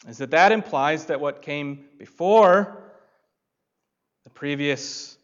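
A man preaching a sermon, reading scripture and rising to loud emphasis on key phrases. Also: on the high side. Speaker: pastor. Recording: dull lo-fi sound.

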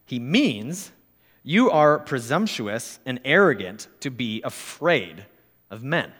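A man preaching a sermon and reading a long quote aloud, in a measured, earnest way. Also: mid-range voice, big pitch swings, fairly bright tone. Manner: measured, earnest, slow delivery. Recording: long hall reverb.

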